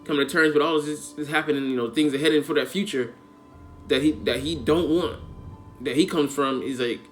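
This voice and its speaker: A man's voice: a little high, fairly even intonation, a little fast. A man giving a casual, emotional anime episode review, rambling in heavy slang with lots of fillers. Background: faint background music.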